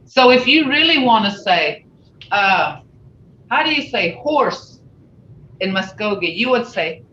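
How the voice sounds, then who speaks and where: Slow-spoken woman teaching a language class. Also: mid-range voice, big pitch swings, bright, forceful tone, a little hiss or hum. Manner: slow, repeats syllables for learners to copy. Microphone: video call. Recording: dull roomy video-call audio.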